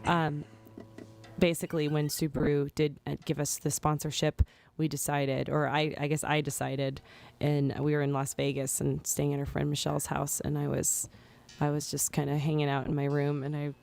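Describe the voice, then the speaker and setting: Woman, low voice, musician, co-host, casual live chat, chatty, lots of restarts. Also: completely flat delivery, moderate pace, creaky, a little mellow, soft background music. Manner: chatty, with frequent restarts and fillers. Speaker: musician co-hosting a live stream.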